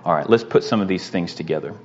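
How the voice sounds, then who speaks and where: A man teaching a Bible lesson in a conversational way, often pausing with fillers and asking "right?". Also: low voice, highs cut off, a little hiss or hum.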